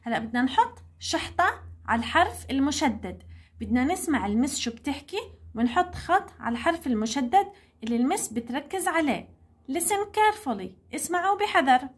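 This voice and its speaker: A young woman teaching an English lesson to young pupils, speaking slowly and clearly and saying each word twice. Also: high voice, very animated.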